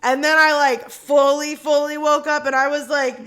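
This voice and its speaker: A woman co-hosting a casual podcast, telling a story in an animated way and laughing often. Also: sits high, moderate pace, hardly any pauses. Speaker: podcast co-host. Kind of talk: casual chat.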